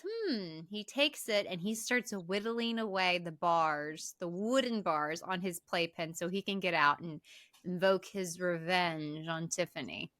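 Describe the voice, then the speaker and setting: A woman's voice: medium pitch, no room sound, studio quality. A woman co-hosting a podcast, chatting casually as she recaps a horror film, laughing often and acting out the characters' lines. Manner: animated, laughs often, acts out quotes. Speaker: podcast co-host.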